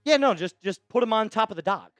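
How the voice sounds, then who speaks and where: A man hosting a live sports stream, hyped up and shouting out viewers in the chat. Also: high voice, lively intonation, fast talker, smooth, dry recording, faint music behind. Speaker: livestream host.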